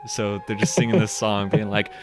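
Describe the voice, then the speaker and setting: A man's voice: on the low side, normal speed. Profane laughing man, music behind. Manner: profane, laughing often, animated retelling. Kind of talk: casual podcast chat.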